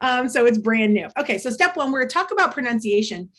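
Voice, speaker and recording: A woman's voice: a little high, very animated, fast, a bit bright. A woman presenting an interactive online workshop for teachers, speaking over a video call in an upbeat, chatty way with frequent ums. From United States.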